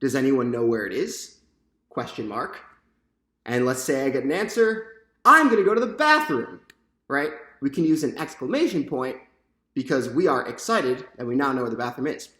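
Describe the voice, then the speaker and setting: A man's voice: medium pitch, lively intonation, moderate pace. Man teaching a lesson in an echoey room. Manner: explanatory, asks the class questions, frequent "right?". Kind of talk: sample classroom lesson.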